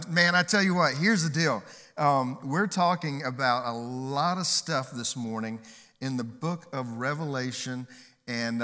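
Bright-toned pastor preaching in a hall. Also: male voice, mid-range voice. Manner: upbeat, joking, emphatic. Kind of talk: sermon. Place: church stage. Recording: long hall reverb.

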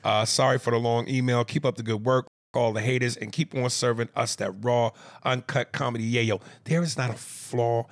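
A man co-hosting a podcast, reading a fan email aloud in casual chat, animated and jumping into loud high bits. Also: fairly quick, few pauses, no room sound, studio quality. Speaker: podcast co-host.

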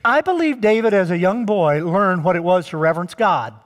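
This pastor's voice sits high, brisk and lively in intonation as he delivers a sermon, addressing the congregation head-on. Emphatic, he draws out important words, and the sanctuary adds a long, echoing reverb.

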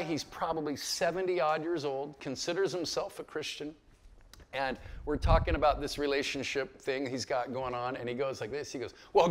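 A man's voice: on the high side, fairly bright tone. A man in his fifties giving an informal Bible lecture to a group, conversational and full of stories and asides. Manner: conversational and storytelling, with asides and chuckles. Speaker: pastor teaching a Bible lecture. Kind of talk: informal teaching talk to a group.

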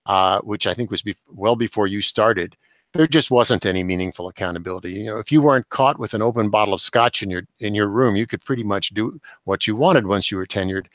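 An older man, a professor and author, giving measured, explanatory answers as a guest in an interview. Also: fairly low pitch, fairly bright tone, no room sound. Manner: measured, explanatory, occasional chuckle.

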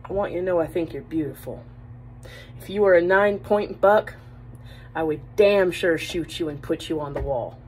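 A woman's voice: fairly low pitch, moderate pace, darkish tone, slight background noise, lightly acted, low-quality recording. A woman quoting her blunt rural husband. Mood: earnest. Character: blunt rural husband, man of few words.

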